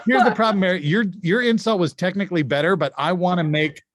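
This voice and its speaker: A man hosting an improvised insult game from home over a video call, chatty, with quick asides and frequent laughs. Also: high-pitched, a loud crowd. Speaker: game show host.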